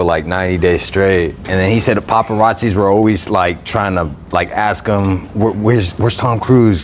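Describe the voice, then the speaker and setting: A man co-hosting a podcast in casual chat, telling stories in a relaxed, hesitant way with plenty of fillers. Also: lowish voice, slight background noise. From Florida. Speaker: podcast co-host.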